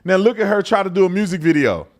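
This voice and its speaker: High-pitched yet darkish in tone, his voice is expressive and fast. The adult man, a Texan with a Texan accent, hosts a live political commentary show, mocking and blunt with plenty of slang.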